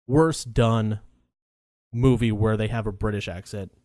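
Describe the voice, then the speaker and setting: A man's voice: fairly low pitch, steady tone, unhurried, mellow, no room sound, clean studio sound. A man co-hosting a podcast in casual movie chat, rambling and profane. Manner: rambling, profane, many restarts. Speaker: podcast co-host.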